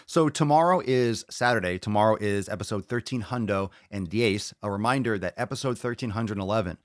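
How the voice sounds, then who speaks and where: A man's voice: lowish voice, fairly quick, hardly any pauses, no room sound, clean studio sound. A man hosting a live podcast in casual, rambling chat, swearing freely and hyping up his audience. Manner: profane, hyped, rambling. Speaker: podcast host.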